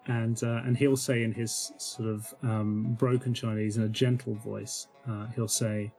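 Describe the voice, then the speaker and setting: A man's voice: fairly low pitch, flat delivery, measured pace, hardly any pauses, darkish tone, faint music behind. A man playing a tabletop role-playing game, chatty, laughing easily and thinking aloud with many fillers. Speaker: player.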